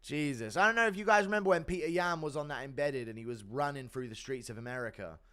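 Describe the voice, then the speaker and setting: This young man streams live in a mid-range, fairly bright voice, talking quickly as he casually goes through donations. He rambles sarcastically and swears constantly in a laid-back chat.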